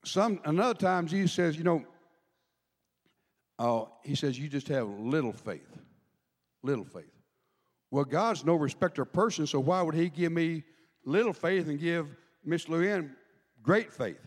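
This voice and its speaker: High-voiced preaching man in echoing hall. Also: lively intonation, measured pace. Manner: conversational preaching, asks the congregation questions. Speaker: pastor. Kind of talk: sermon. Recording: long hall reverb.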